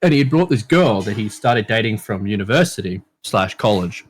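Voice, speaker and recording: A man's voice: lowish voice, brisk, husky. A young man in his twenties with an Australian accent, a podcast guest telling stories in casual chat, swearing freely and acting out the people in them. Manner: animated, swears a lot, acts out people in stories.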